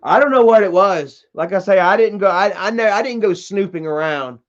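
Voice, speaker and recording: Man, high-pitched, cussing livestreamer, candid rant, muffled stream sound. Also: moderate pace. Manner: blunt and profane, reads chat comments aloud. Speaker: livestream host reading chat. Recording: dull lo-fi stream audio.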